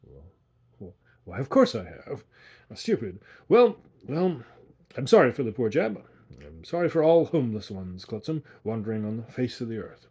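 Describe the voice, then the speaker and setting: A man voicing a tipsy, pompous gentleman who speaks with exaggerated, sing-song civility. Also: medium pitch, big pitch swings, moderate pace, husky. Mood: ponderous. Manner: over-polite, sing-song, slightly drunk. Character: tipsy, pompous middle-aged gentleman guest.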